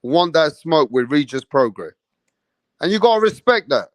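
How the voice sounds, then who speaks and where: A man hosting a boxing channel, chatting casually on a live stream, shouting out viewers in slangy, emphatic talk. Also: fairly high pitch, big pitch swings, moderate pace, no room sound.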